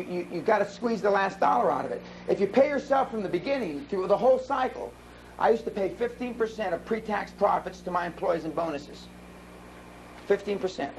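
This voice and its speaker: A man's voice: high-pitched, a little hiss or hum, low-quality recording. A man giving a live seminar talk, telling brash, profane stories to the room. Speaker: seminar speaker.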